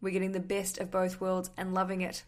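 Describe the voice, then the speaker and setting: A woman's voice: fairly low pitch, a little fast. A woman hosting a podcast, reading out listener messages and adding playful asides in a chatty tone. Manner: animated, adds playful asides and jokes between read-out messages. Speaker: podcast host.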